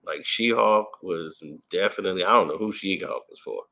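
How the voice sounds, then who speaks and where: Deep-voiced man rambling about a trailer. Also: normal speed, gravelly, pushed and bright. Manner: rambling, speculative, conversational with many fillers. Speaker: movie trailer reviewer. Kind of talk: casual commentary.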